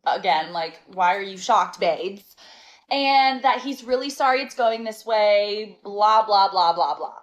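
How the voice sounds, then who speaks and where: A woman telling a storytime in a casual, animated and sassy way, exasperated and laughing between lines. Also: medium pitch, unhurried, poor audio.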